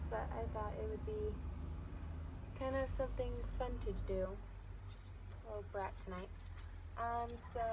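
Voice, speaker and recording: A woman's voice: on the high side, noisy background. A young woman with a stuffed-up nose, rambling casually through a vlog with lots of fillers and self-corrections. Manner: rambling, filler-heavy, stops to correct herself. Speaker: vlogger.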